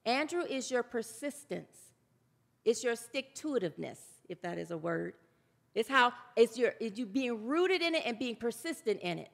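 A woman delivers an emphatic sermon in a high, bright voice. She presses her points and now and then calls on listeners to answer aloud. A long reverb trails her words through the hall. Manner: emphatic, calls for congregation response. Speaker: preacher.

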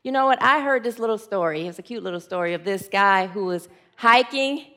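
A woman preacher giving a humorous sermon, lively and chatty with the congregation. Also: medium pitch, fairly quick. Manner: lively, chatty with the audience, laughs easily.

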